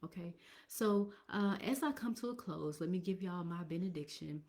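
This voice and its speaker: A woman's voice: on the low side, animated, normal speed, darkish tone. A woman hosting a casual business live stream, talking straight to viewers in a chatty way and sometimes dropping to a whisper. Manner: chatty, addresses viewers directly, drops into whispers.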